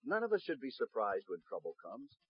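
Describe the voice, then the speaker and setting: Husky-voiced man preaching a sermon. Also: medium pitch, wildly swooping pitch, no echo, highs cut off. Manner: reads scripture slowly, rising to loud emphatic preaching; directs the congregation to repeat phrases. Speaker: pastor.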